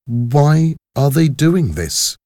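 A man's voice: on the high side, sing-song, very slow, warm tone, no echo, studio quality, voice pushed up, exaggerated voice. A man voicing a frightened young male aristocrat who pleads his innocence in a storybook reading. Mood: pleading. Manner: anxious, protesting.

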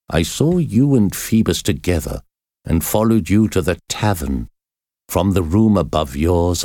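A man's voice: low voice, darkish tone, dry recording, studio quality, full character voice. A man doing a tormented obsessive priest. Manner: slow agonized confession. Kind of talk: storybook reading.

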